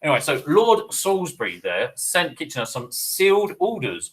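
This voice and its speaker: A man's voice: a little high, sing-song, normal speed, hardly any pauses, a bit bright, poor audio. A man giving an informal, chatty history lesson, often checking in with the viewer and wandering off on tangents. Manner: chatty, digressive, addresses viewer with "okay?". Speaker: history teacher.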